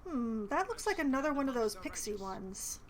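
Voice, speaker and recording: A woman streams herself playing a fantasy role-playing game from her apartment, casually commentating, chatting, and reading the dialogue aloud. Her high-pitched voice is very animated and moves at a normal pace. The recording quality is low.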